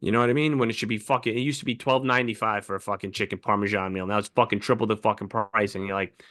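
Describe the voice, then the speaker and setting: A man's voice: on the low side, steady tone, very fast, a bit bright, dry recording. A man co-hosting a podcast, ranting heatedly and swearing a lot in casual chat. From United States. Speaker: podcast co-host.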